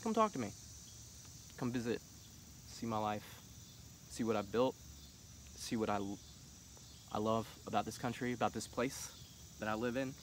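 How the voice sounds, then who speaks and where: A man's voice: lowish voice, animated, moderate pace, long pauses, slight background noise. Earnest man talking outdoors. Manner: earnest, rising to heated urging. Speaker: vlogger. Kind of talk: casual monologue to camera.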